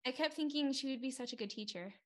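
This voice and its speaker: A woman's voice: high voice, quick pace. Young woman, podcast co-host, agreeable, casual chat, lots of short affirmations. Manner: agreeable, supportive listener with brief affirmations.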